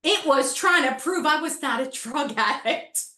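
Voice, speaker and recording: Animated woman telling a story. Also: sits high, a little slow, echoey room. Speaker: panel speaker. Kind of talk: storytelling talk.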